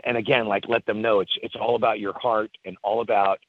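A man's voice: fairly low pitch, fairly quick, no room sound. A middle-aged man, a songwriter guest, telling stories in an interview with many repeats and restarts. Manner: animated storyteller, repeats words and restarts often. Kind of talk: storytelling in a podcast interview. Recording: tinny phone-like line.

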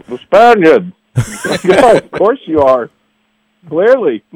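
A man co-hosting a morning radio show, telling stories in animated, jokey rants. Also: high voice, drawn-out words, slightly rough, no echo, low-quality recording. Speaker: radio co-host. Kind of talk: casual morning radio chat. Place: radio studio.

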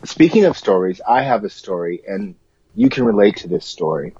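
A man co-hosting a comedic chat in a dry, deadpan and dismissive manner. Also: low-pitched, normal speed, breathy edge, dry recording. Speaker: co-host. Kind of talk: campy comedic banter. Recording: dull, muffled recording.

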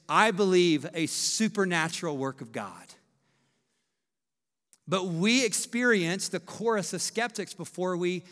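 A man in his thirties preaches with a high, bright, ringing voice. He is emphatic and animated, and he acts out the quotes. A long hall reverb trails his words. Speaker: pastor. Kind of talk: sermon.

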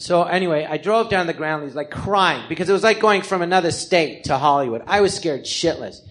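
An animated American comedian in his fifties recounts his past on a live stage. His voice sits a little high, and he jumps into other voices whenever he quotes someone. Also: fairly quick, few pauses. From Los Angeles, California. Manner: animated, acts out quoted people in different voices. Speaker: comedian telling his life story. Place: live theatre stage before an audience.

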